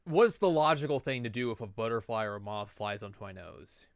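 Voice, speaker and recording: A man's voice: lowish voice, lively intonation, brisk, clean tone, no room sound, studio quality. A man doing a flustered hot-headed teen girl.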